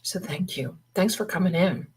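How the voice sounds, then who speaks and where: A woman's voice: on the low side, expressive, normal speed, breathy edge, low-quality recording. A middle-aged woman hosting a livestream, chatting in a rambling, casual way and thinking aloud. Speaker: livestream host.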